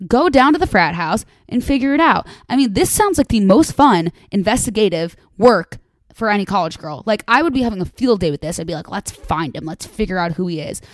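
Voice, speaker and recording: A woman in her twenties hosting a podcast, giving sassy, animated advice in casual chat with lots of "like". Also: medium pitch, a little fast, dry recording.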